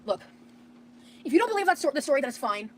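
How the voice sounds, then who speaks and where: A woman telling a story in a chatty, animated way, full of fillers. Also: high voice, fast talker, a little hiss or hum. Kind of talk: casual storytelling.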